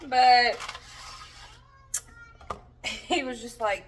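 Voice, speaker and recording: A woman's voice: mid-range voice, unhurried, distant mic, noisy background. A young woman chatting casually while cooking in her home kitchen, rambling with self-deprecating asides. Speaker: home cook vlogger.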